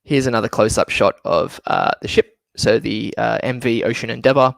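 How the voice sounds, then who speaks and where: Guy presenting travel slides online, easygoing and chatty, fry in the voice, dry close sound. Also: medium pitch, fairly even intonation, moderate pace, a bit bright, no room sound. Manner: casual, chatty, laughs often. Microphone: computer mic for an online session.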